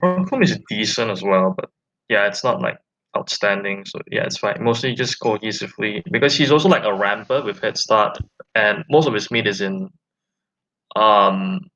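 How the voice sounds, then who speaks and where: A man's voice: on the low side, moderate pace, pushed and bright, muffled recording. A man speaking as a guest on a casual gaming podcast, in a matter-of-fact manner.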